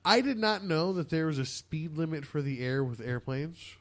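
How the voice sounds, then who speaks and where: A man's voice: a little high, animated, normal speed. A man co-hosting a casual podcast, bantering with jokes and skeptical questions. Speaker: podcast co-host. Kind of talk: casual chat.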